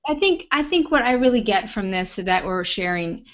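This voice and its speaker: A woman's voice: medium pitch, animated, moderate pace. A woman hosting a podcast interview, summing up her guest's points back to her. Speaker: host. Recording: dull lo-fi sound.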